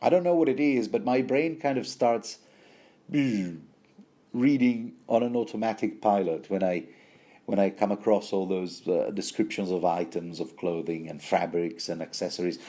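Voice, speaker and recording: Low, mellow man rambling through a book. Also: moderate pace. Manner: rambling, digressive, wry. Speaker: book commentator. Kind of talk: rambling casual commentary.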